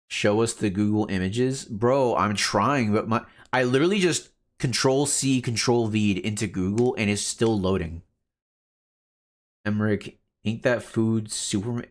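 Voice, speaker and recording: A man streaming a game, chatting casually with his chat and laughing often. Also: on the low side. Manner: laid-back, laughs often, reads chat aloud.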